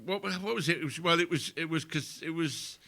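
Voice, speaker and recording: A man's voice: a little high, brisk, vocal fry, sharp tone. An older male comedian telling sweary anecdotes on a live podcast, laughing as he goes. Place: live venue with audience.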